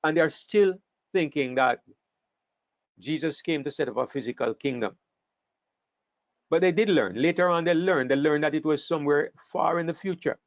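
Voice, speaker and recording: A man teaching an online Bible class, talking in an animated way and sometimes repeating words as he thinks. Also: a little high, moderate pace, pauses often, dry recording. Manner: animated, acts out scripture quotes, repeats words while thinking. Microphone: online call microphone. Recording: dull, dry online call audio.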